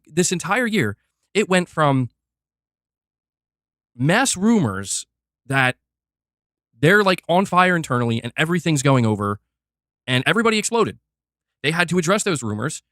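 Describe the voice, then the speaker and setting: Male gaming ranter, high lively voice, heated and profane. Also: dry recording, studio quality. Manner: fiery, exasperated, profane, talks fast in bursts. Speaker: gaming commentator reacting to a video. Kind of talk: heated reaction rant.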